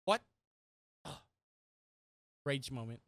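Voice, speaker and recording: A woman co-hosting a casual podcast chat, ranting heatedly and swearing often, with loud exasperated outbursts. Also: rumbling low, lively intonation, takes it slowly, no room sound, studio quality. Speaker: podcast co-host.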